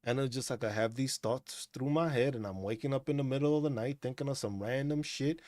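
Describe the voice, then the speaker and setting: Man, casual chat host, laid-back and swearing, mid pitch, dry close sound. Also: a little fast, darkish tone, no echo. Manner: laid-back, profane, laughs often. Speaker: streamer host.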